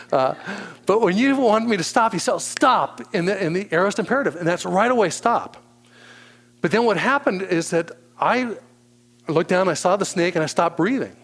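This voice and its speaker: A man preaching a sermon as pastor, teaching slowly and deliberately with emphatic pauses. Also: a little high.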